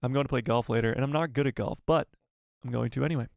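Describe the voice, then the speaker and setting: A man's voice: mid-range voice, fast, gravelly, darkish tone, dry recording. A man hosting a casual live stream, upbeat and rambling, often repeating himself as he chats to viewers. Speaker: YouTube live stream host.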